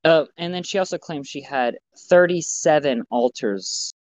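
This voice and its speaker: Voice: mid-range voice, animated, a little slow. A podcast co-host in casual chat, giving blunt, profane, rambling opinions, recorded with slightly muffled audio.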